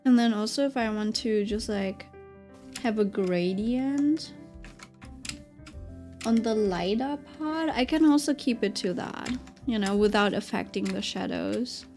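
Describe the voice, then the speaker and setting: A woman's voice: mid-range voice, a little slow, a little mellow, faint music behind. A young woman chatting casually and rambling while she draws, laughing often and using lots of fillers. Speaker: artist streaming while drawing. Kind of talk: casual chat while drawing.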